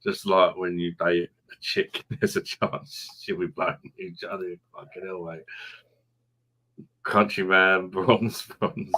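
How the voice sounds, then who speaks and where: A man's voice: low-pitched, flat delivery, slow, sharp tone. A man hosting a casual online pub live stream, reading out viewer comments, laughing often and trading crude, sweary banter.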